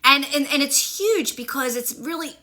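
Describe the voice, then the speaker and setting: Bright upbeat woman on a phone livestream. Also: high-pitched, animated, moderate pace. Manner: upbeat, encouraging, talks back to comments. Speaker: manifestation coach. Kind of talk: casual livestream chat with viewers.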